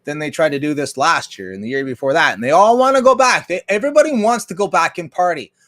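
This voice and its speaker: A man's voice: fairly high pitch, lively intonation, quick pace, fairly bright tone. Profane man ranting. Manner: profane, blunt and argumentative; reads viewer chat aloud. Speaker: livestream host. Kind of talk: casual ranting commentary.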